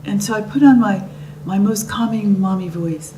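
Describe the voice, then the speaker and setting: A woman's voice: mid-range voice, moderate pace, dark tone. A middle-aged woman telling a personal story vividly, acting out what people said. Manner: vivid storyteller who acts out the quotes. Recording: roomy, distant and noisy.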